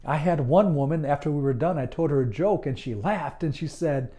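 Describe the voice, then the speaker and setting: A man speaking as a certified hypnotist in a slow, earnest promotional monologue, calm and deliberate with long soothing pauses. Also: on the high side.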